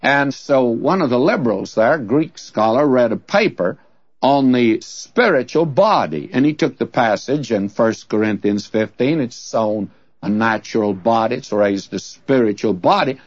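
A man's voice: mid-range voice, expressive, a little slow, no echo, muffled recording. An older man preaching a sermon, telling a story and leaning hard on key words.

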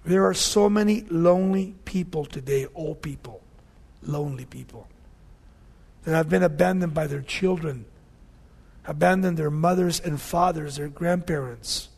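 A male pastor with a slightly high, creaky voice with a breathy edge speaks at a moderate pace. He teaches verse by verse in a conversational style, often asking "you see?" and swinging between loud readings and soft asides.

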